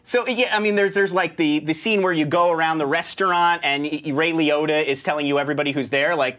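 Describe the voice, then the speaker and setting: A man's voice: on the high side, a bit bright. A man hosting a movie segment, reviewing a film casually with sarcastic jokes. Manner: sarcastic, joking, quick asides. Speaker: show host reviewing movies.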